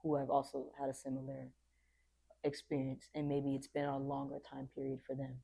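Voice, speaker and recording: Low, mellow-voiced woman on a podcast. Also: monotone, normal speed, gravelly, slightly rough. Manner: reflective, earnest, acts out quoted voices. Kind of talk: casual podcast conversation.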